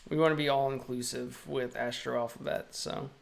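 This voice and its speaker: Streaming illustrator, mid-pitched and a bit gravelly, deadpan jokes between drawing remarks. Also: moderate pace. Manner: wry, self-amused, joking often with laughs. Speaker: illustrator live-streaming work. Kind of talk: casual live-stream chat while drawing.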